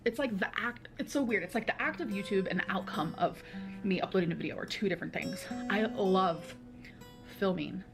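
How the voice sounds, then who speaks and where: A woman's voice: medium pitch, over music. A woman talking earnestly in a confessional vlog, dragging out her words. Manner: earnest, slow, drawn-out words. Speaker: video blogger.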